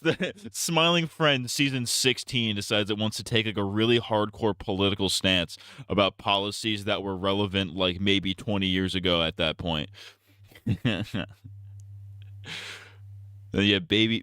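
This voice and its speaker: Low, bright-voiced young male streamer. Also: clean tone, no echo, studio quality. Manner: rambling, crude and joking, with frequent laughs. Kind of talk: casual live-stream commentary.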